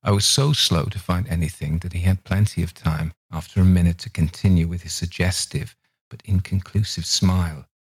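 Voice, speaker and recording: A man narrating a literary audiobook in a measured, expressive reading. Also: low voice, husky, dry recording.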